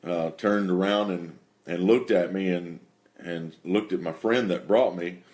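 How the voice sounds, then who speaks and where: Deep-voiced man, folksy faith storyteller, relaxed, easygoing delivery. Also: unhurried. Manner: folksy, relaxed, many fillers and restarts. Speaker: host telling testimony stories.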